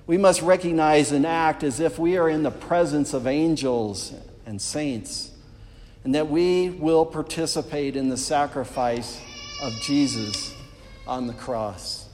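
A man's voice: a little high, a little slow, darkish tone, slight background noise. A man preaching a sermon in a church, speaking earnestly and addressing the congregation directly. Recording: long reverb of a church hall.

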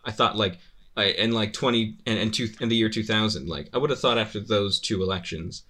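A man's voice: fairly low pitch, brisk, pushed and bright. A young man co-hosting a podcast, chatting casually with a rambling, restarting way of talking and a dry humor. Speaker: podcast co-host.

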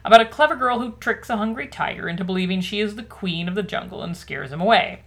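A woman's voice: mid-range voice, fast, a bit bright. Dry, witty woman co-hosting a podcast. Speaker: podcast co-host. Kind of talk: casual chat.

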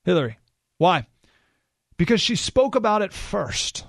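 A man's voice: high-pitched, big pitch swings, measured pace, creaky, a bit bright, no room sound. A man hosting a radio talk show, giving an emphatic, opinionated monologue full of rhetorical questions, recorded in a studio.

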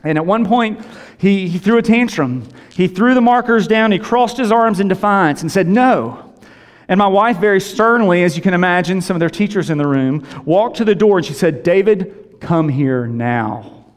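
A man's voice: high voice, a little fast. A middle-aged man preaching a sermon as a pastor, earnest and repeating key phrases for emphasis. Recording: long reverb of a large hall.

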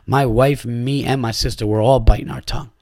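A man's voice: mid-range voice, fairly even intonation, brisk, a little mellow, no room sound, studio quality. A middle-aged man hosting a podcast, telling listeners a profane, angry, rambling story with lots of restarts. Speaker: podcast host.

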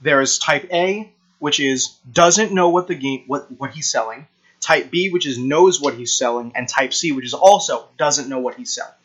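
A man's voice: mid-range voice, normal speed, a bit bright, slightly rough, highs cut off. A man co-hosting a casual chat, telling rambling stories with crude jokes. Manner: rambling, crude joking storyteller. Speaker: podcast co-host.

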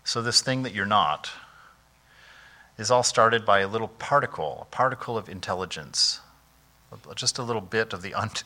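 A man, a monk, giving an informal spiritual talk in a conversational, animated way, often saying "you know" and laughing softly. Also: lowish voice, moderate pace.

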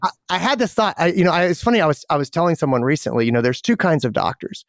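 A man's voice: a little high, fast, no room sound, clean studio sound. A male podcast host talking in an easygoing way, often repeating a word as he starts a thought. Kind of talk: conversational interview and ad read.

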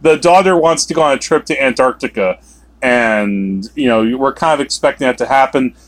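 A man co-hosting a movie review podcast, talking in a rambling, animated way with sudden emphatic outbursts. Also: medium pitch, moderate pace. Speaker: podcast co-host. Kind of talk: casual movie review chat.

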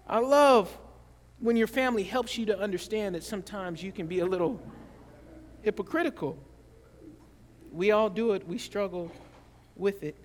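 A man preaching a sermon as pastor, telling stories with animated shifts between quiet and loud. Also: normal speed, pauses often, long reverb tail, a little hiss or hum. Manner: animated storytelling with big swings in pitch and loudness.

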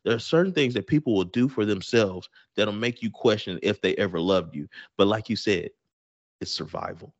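A low, husky man talks on a casual podcast, telling loose stories and making fun of himself. The sound is muffled and lo-fi, and he is quick to crack a joke. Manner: joking, self-deprecating storyteller. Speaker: podcast host.

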